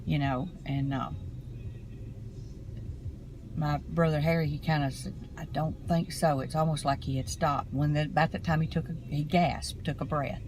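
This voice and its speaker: A middle-aged woman, talking casually to camera from her car in an earnest, rambling, halting way. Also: low voice, steady tone, noisy background. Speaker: vlogger.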